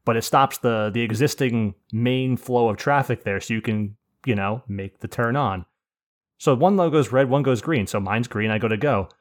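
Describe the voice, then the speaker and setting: A man's voice: mid-range voice, moderate pace. A man hosting a podcast in casual chat, telling rambling stories with swearing and laughs. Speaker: podcast host.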